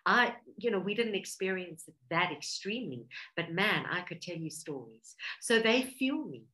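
A woman's voice: on the low side, lively intonation, moderate pace, bright, forceful tone, low-quality recording. A woman from South Africa with a South African accent, earnestly telling her life story as an interview guest. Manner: earnest, heartfelt, talks through emotion.

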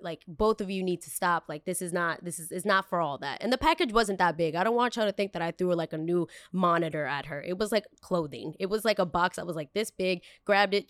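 A woman hosting a podcast, telling a personal story in a casual, animated way and acting out what people said. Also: fairly low pitch, dry recording, clean studio sound. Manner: animated, acts out quotes, many fillers. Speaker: podcast host.

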